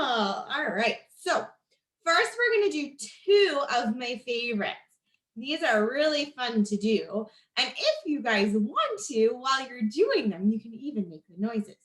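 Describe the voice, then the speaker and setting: A woman's voice: on the high side, fairly bright tone. A woman leading young children through animal stretches, upbeat and encouraging with a sing-song way of talking. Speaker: children's yoga and storytime instructor. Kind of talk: guided kids' stretching lesson. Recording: echoey room, voice a bit far from the mic.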